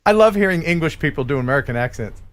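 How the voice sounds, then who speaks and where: A man's voice: a little high, lively intonation, quick pace. A man hosting a live stream, upbeat and jokey, running a game for his guests. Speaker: host. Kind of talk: casual live-stream chat.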